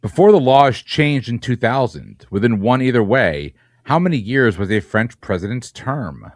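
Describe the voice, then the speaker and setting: A man hosting a trivia game, reading questions briskly and teasing the players. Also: medium pitch, animated, dry recording. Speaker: quizmaster.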